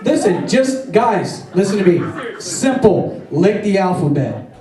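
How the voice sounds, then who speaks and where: A male stand-up comic with a high, mellow voice that leaps all over the place as he rambles through crude jokes and quick apologies. The sound is echoey and a bit distant, as if from a mic set back in the room. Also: sing-song, a crowd in the background. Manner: crude, rambling jokes with self-deprecating asides. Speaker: stand-up comedian. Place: comedy stage before a live audience.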